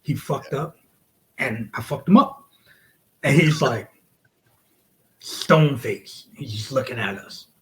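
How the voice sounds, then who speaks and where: Male wrestler, forties, from the United States: loose, profane, animated storyteller with a mid-range voice. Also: medium pitch, slow pace, pauses often, rough recording. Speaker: wrestler guest. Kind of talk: casual storytelling interview.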